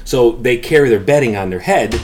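A man's voice: medium pitch, lively intonation, fairly quick, a little mellow. A man co-hosting a comedy podcast, rambling through profane jokes and stories. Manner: rambling, profane, joking storyteller. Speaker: podcast co-host. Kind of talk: crude comedy podcast banter. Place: podcast recording room.

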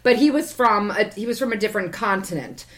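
A woman's voice: medium pitch, expressive, fast talker, a bit bright. A woman co-hosting a podcast who speaks hesitantly and pokes fun at herself in casual chat. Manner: hesitant, self-deprecating, lots of "right". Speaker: podcast co-host.

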